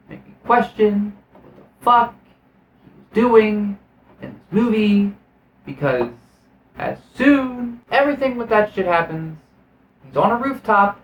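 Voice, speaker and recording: A man's voice: sits high, echoey room, low-quality recording. Profane, sarcastic man ranting about a film. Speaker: movie reviewer. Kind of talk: casual ranting film review.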